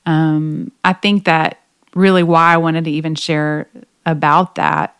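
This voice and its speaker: A woman's voice: deep voice, level tone, a little slow, a bit bright, clear, resonant tone, no echo, clean studio sound. A woman singer, a guest, earnestly telling a personal story in a faith podcast conversation, with many fillers.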